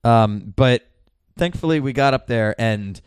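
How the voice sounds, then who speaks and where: A man's voice: mid-range voice, measured pace, clear, resonant tone, dry recording, studio quality. A man hosting a podcast in casual chat, rambling with many fillers, restarts and the odd swear word. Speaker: podcast host.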